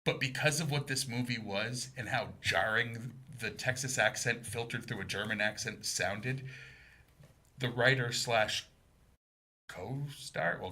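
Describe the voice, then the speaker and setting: A man co-hosting a community TV movie talk show, chatting casually with animated, mocking humor and frequent laughter. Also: medium pitch. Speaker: co-host of a movie review show. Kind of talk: casual chat. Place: community TV studio.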